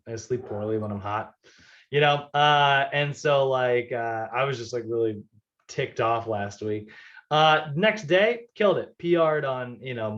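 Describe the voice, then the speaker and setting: Male fitness instructor, casual lecture, chatty with filler words, slightly dull recording. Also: mid-range voice. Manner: casual, chatty, many fillers, laughs easily. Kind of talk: classroom lecture.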